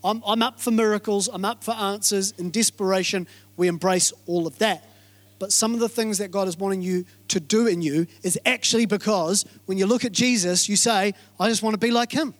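A man preaches in a high, bright-pitched voice. He is energetic, repeats his phrases for emphasis, and keeps quizzing the congregation to check they are following. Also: a little fast. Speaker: pastor. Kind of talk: sermon.

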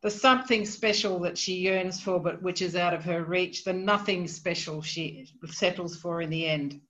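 A woman guest on a podcast, talking through a short story in a measured, reflective way with soft hesitations. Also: lowish voice, muffled recording. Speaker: podcast guest discussing literature. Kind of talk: literary analysis in conversation.

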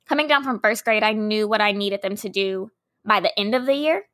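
Southern woman, podcast co-host, bright clear voice, dry close sound, frank and opinionated. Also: medium pitch, a little fast, no echo. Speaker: podcast co-host, kindergarten teacher. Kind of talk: casual podcast chat.

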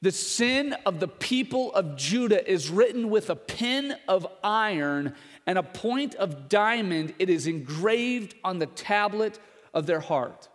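Storytelling pastor in a reverberant hall. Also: male voice, lively intonation, a little slow. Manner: storytelling, acts out voices of others with loud raised pitch. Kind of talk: sermon with personal story.

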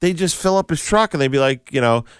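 A man's voice: fairly high pitch, animated, fast talker, clean tone, no echo, studio quality. A man co-hosting a morning radio show, chatting casually and telling stories, acting out other people's lines as he goes. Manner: storytelling, chatty, acts out quoted lines.

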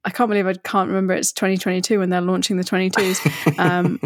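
A woman's voice: fairly low pitch, flat delivery, fast talker, no room sound, clean studio sound. A woman co-hosting a podcast, chatting eagerly about her new running gear in a casual way. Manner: chatty, enthusiastic, lots of "like" and restarts. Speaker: podcast co-host. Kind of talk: casual chat.

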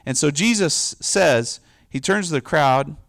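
A man's voice: fairly high pitch, lively intonation, unhurried, creaky, no echo, studio quality. A middle-aged man preaching a casual, conversational sermon, loose and informal with lots of "like" and "you know". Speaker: pastor.

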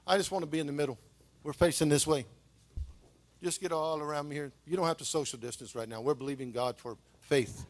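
An older man preaching a live sermon in a church, swinging from hushed, emotional storytelling to impassioned shouting. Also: fairly high pitch, brisk. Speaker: pastor. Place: church sanctuary with congregation.

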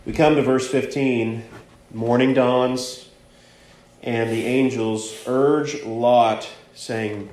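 A man preaching a sermon, hushed in prayer and rising to emphatic points. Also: medium pitch, steady tone, a little slow, echoey room. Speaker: pastor.

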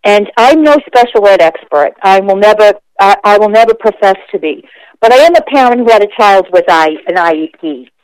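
A woman school board member calling in to a radio show, speaking earnestly with a slightly gravelly morning voice. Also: medium pitch, lively intonation, fairly quick, no echo, low-quality recording. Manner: earnest, emphatic, restarts phrases. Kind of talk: call-in conversation.

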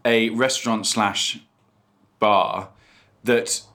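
Chatty low-voiced man, a racehorse trainer. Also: steady tone, very slow, pushed and bright, slight background noise. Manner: chatty, storytelling with restarts. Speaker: racehorse trainer, podcast co-host. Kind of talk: casual chat.

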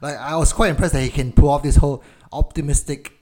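Measured Malaysian man. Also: a little high, steady tone, dark tone. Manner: deliberately slowed, measured speech. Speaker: podcast co-host. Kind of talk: casual film chat.

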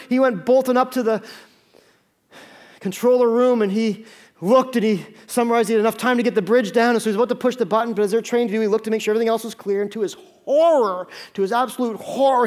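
A man preaching a sermon as pastor, telling a story with sudden loud peaks and hushed stretches, often restarting his words. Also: very high voice. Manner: storytelling, swinging from loud urgent peaks to hushed near-whispers.

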